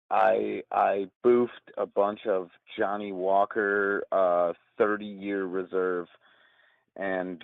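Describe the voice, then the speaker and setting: A man's voice: deep voice, gravelly, no echo. A man in his twenties calling in to a show, rambling through a story with lots of swearing and laughter. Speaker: caller. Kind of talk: casual storytelling. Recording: tinny phone line.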